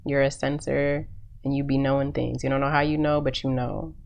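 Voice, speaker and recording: A woman's voice: extremely low pitch, little pitch movement, fairly quick, gravelly, darkish tone. A woman doing a spiritual card reading for her viewers, speaking in a soothing, affirming way with lots of repetition and the odd laugh. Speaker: intuitive card reader.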